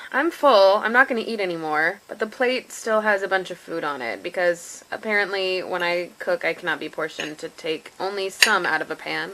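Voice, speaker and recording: A woman's voice: on the low side, a bit bright, a little hiss or hum, low-quality recording. A woman chatting casually in a diary vlog, rambling with filler words and poking fun at herself, first outdoors and then at home. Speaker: vlogger.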